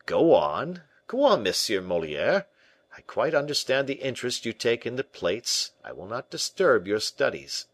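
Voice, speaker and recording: A man's voice: mid-range voice, very animated, normal speed, a bit bright, pitched above the performer's own voice. A man voicing a bold musketeer captain who teases and presses with emphatic banter, in an audiobook reading. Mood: teasing.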